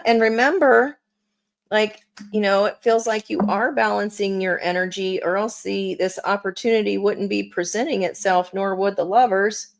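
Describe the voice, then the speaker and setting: Woman doing a live tarot reading, talks slow, chatty, cheers u on, lots of um and uh. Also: mid-range voice, creaky. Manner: chatty, encouraging, slow-paced with fillers. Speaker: tarot reader.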